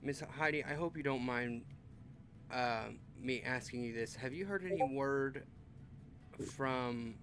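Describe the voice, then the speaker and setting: Man playing a soft-spoken polite male cleric, hesitant, apologetic, quiet. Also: medium pitch, background noise, lightly acted. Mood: earnest. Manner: hesitant, apologetic, halting restarts.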